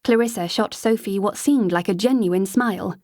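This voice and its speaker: A woman reading a novel aloud as an audiobook narrator, in an even storytelling manner on a close mic. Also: mid-range voice, normal speed, no room sound. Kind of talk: scripted narration.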